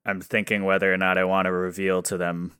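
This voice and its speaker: Young man, very deep voice, dry close sound, halting in character. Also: completely flat delivery, sharp tone, clean tone, dry recording. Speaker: player. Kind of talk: casual tabletop role-play.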